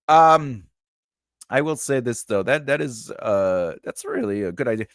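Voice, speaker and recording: A man's voice: medium pitch, lively intonation, a little slow, no room sound, studio quality. A man hosting a casual live writing class, talking loosely with lots of fillers and puns, laughing often. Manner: punning, loose, full of "like" and "you know". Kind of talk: casual live-streamed lesson, reading chat comments.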